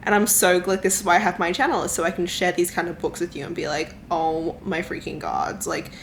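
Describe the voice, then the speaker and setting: A woman's voice: lowish voice, fairly even intonation, a little fast, a little hiss or hum. A young woman chatting casually to camera at home in a reading vlog, gushing with lots of fillers. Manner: gushing, effusive, many fillers. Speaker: book vlogger.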